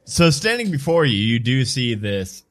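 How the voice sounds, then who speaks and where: A man narrating a tabletop game as game master, relaxed and laughing, with many fillers. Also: medium pitch, normal speed, no room sound.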